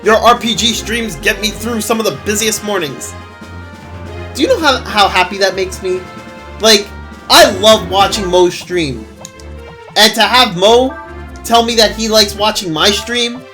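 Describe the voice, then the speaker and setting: Excitable male streamer, high bright voice, gushing chat, faint music bed. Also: a little slow. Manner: gushing, excitable, laughs often. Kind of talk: casual gameplay stream chat. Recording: faint game music behind.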